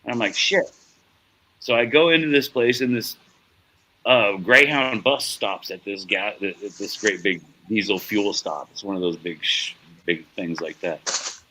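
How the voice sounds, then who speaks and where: A man's voice: lowish voice, normal speed, noisy background. A middle-aged man hosting a casual chat, rambling and profane as he tells a story, often laughing at himself. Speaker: show host.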